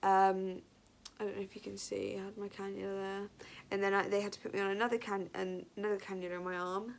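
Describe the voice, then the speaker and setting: Tired teen mum chatting. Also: female voice, mid-range voice, little pitch movement, quick pace, vocal fry. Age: late teens. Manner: chatty and apologetic, many ums. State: tired and short of breath. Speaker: new mother vlogger. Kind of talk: casual vlog chat. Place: bedroom at home.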